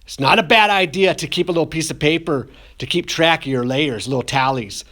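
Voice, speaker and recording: In a classroom demo video, a ceramics teacher with a fairly high, bright, forceful voice moves fairly quickly through glazing. His talk is casual and rambling, stuffed with fillers, and he quips that he's "getting emotional."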